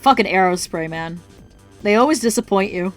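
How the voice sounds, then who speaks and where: A woman's voice: mid-range voice, animated, normal speed, soft background music. Salty, swearing woman ranting on stream. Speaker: art streamer. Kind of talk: casual chat while streaming.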